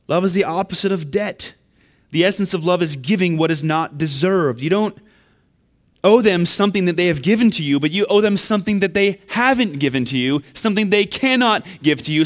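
A man preaching a sermon, earnest and building to emphatic questions. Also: fairly high pitch. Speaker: pastor.

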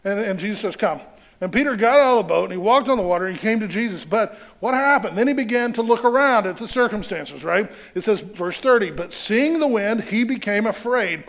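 A man delivers a sermon in a high-pitched voice with a gravelly edge. He moves between reading scripture and unpacking it in a relaxed, conversational way, often checking in with his listeners. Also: fairly quick. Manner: reads scripture aloud and explains it conversationally, often asking "right?". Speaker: pastor.

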